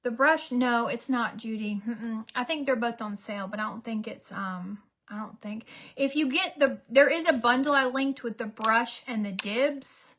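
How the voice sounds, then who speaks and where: A woman, telling a story as a casual get-ready-with-me vlog, dramatic and animated, sometimes dropping to a whisper. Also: on the high side, moderate pace, hardly any pauses. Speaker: beauty vlogger.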